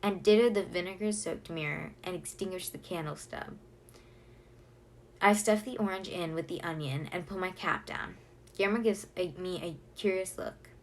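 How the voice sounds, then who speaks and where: A woman narrating a novel in the first person with an expressive, lively delivery. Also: lowish voice, normal speed. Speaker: audiobook reader.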